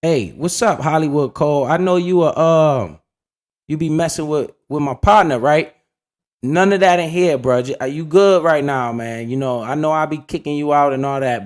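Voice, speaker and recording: Casual, chatty man talking investing. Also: mid-range voice. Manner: conversational, repeats "right?" and restarts often; informal colloquial speech. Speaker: finance video host.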